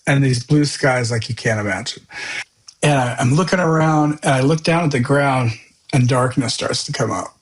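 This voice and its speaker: A man's voice: mid-range voice, low-quality recording. A man as a podcast guest, telling a personal testimony in an earnest, candid, loosely conversational way.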